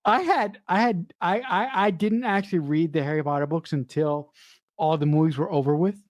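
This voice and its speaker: A woman co-hosting a podcast in casual chat, excitable and profane, often stumbling over restarts. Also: fairly low pitch, normal speed, dry recording. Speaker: podcast co-host.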